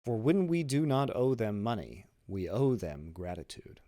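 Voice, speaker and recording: A man's voice: big pitch swings, unhurried, dark tone, dry recording, clean studio sound. A man voicing an earnest, generous young sailor with emphatic, lifted delivery. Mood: cool, polite. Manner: raised pitch, emphatic.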